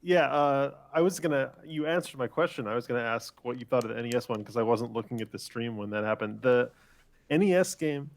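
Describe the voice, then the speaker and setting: A man on a casual movie podcast, talking in a calm, measured way. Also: mid-range voice. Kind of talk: casual group chat about movies.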